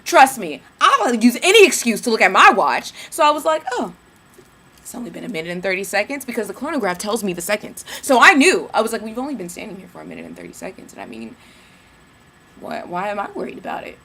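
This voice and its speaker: A young woman from Georgia, telling a story in a casual vlog rant, animated and sassy, slipping into mimicked asides. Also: medium pitch, fast, breathy edge. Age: young adult. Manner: animated, mimics people in asides, sassy slang, bursts of cackling laughter. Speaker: vlogger.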